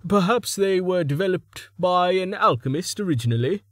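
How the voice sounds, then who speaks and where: A man's voice: sits high, animated, normal speed, dry recording, studio quality, voice pushed up. A man voicing an earnest, placating male character in an audiobook. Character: male peacemaker, earnest and relieved.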